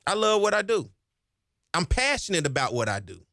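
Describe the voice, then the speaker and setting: A man hosts a talk radio show. His voice sits a little high and comes out bright and forceful, rising in passion the longer he talks. The studio sound is close and dry. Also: sing-song, brisk, no echo. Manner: passionate, gets himself hyped up as he talks. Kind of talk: energetic talk radio monologue. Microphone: studio microphone.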